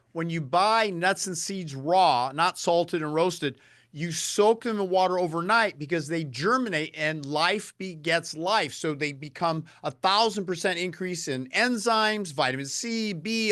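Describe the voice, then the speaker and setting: High-voiced man, enthusiastic health talk. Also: animated, unhurried, a bit bright, dry recording, studio quality. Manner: enthusiastic storyteller, lectures on nutrition. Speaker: podcast guest, health and longevity speaker. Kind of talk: casual conversation.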